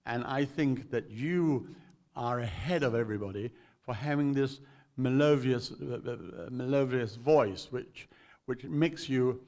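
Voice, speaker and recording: A man hosting a stage interview, halting often with ums and restarts as he poses questions. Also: mid-range voice, a little mellow. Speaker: interviewer, event host.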